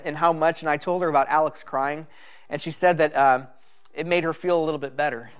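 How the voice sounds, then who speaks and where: Halting, reflective male pastor. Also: on the high side, fairly even intonation, clean tone. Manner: halting, reflective, with many fillers. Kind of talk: personal sermon.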